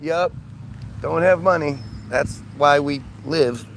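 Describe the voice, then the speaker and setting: Gravelly exasperated man telling a story. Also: a little high, expressive, normal speed, background noise. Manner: rambling, exasperated, quotes people in raised voice. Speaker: streamer. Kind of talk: casual storytelling to a live feed.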